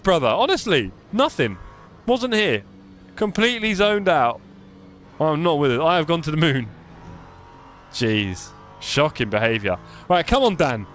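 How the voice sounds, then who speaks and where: A man's voice: a little high, sing-song, measured pace, a bit bright, faint music behind. A young man live-streaming sim racing, chatty and self-mocking, calling the race as he drives.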